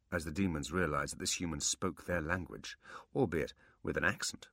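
Deep-voiced male storyteller, lively and bright, husky, dry close mic; good for fantasy audiobooks. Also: fairly quick, dry recording. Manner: expressive storytelling. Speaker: audiobook narrator. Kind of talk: scripted fantasy narration.

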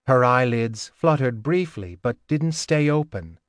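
Guy reading a fantasy novel, slow and steady, super dry close mic. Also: mid-range voice, dry recording. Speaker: audiobook narrator. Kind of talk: scripted narration.

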